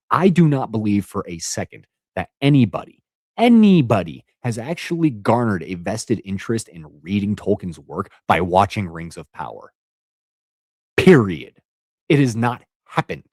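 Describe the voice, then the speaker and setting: A man in his thirties delivers an unscripted rant with exasperated emphasis. His voice sits low and the sound is dry with no room in it. He hammers points home by repeating words. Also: a little mellow, no echo. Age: 30s. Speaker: content creator.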